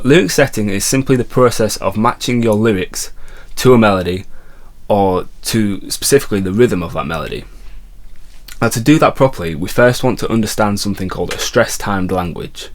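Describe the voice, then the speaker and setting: A man teaching a songwriting lesson as a guitar teacher, explaining patiently and sometimes restarting his phrases. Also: lowish voice. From England.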